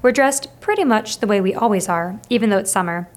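A woman narrating a novel in first person, steady and expressive, as an audiobook reader. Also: mid-range voice, a little fast.

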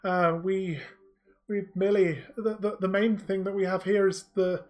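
A man voicing a modest townswoman who speaks in a hesitant, halting way. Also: sits high, flat delivery, darkish tone, pitched above the performer's own voice, natural voice. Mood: earnest. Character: plain-spoken townswoman, modest.

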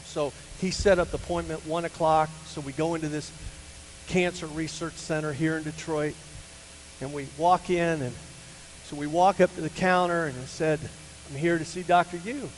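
An older man, a pastor, telling a personal story in a sermon to a church, animated and rising to loud, emphatic peaks. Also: fairly high pitch. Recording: hall reverb with faint hum.

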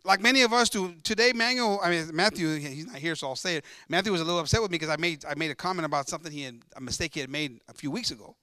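Talking very fast with few pauses, a man with a high-side, pushed and bright voice delivers an emphatic sermon in both Spanish and English. He is repetitive and keeps addressing the congregation as brothers. The studio-quality sound has no room sound.

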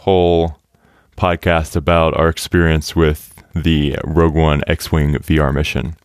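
Deep-voiced excitable young man. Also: a little slow, clean tone, dry recording, studio quality. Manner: excitable, laughs often, many fillers. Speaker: podcast host. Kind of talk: casual chat.

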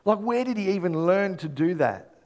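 Animated preacher with a high voice. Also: male voice, normal speed. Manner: animated storytelling, rising to loud bursts. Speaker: pastor. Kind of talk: sermon.

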